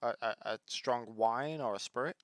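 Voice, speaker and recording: Player, man, mid-pitched, casual and playful in character. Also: moderate pace. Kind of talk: playing a tabletop game.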